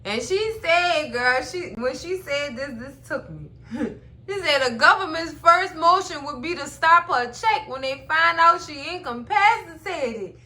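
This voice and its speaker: A woman's voice: sits high, lively intonation, a little slow, bright, forceful tone. A woman hosting a casual TV episode recap, telling the story animatedly and acting out the characters' lines. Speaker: recap host.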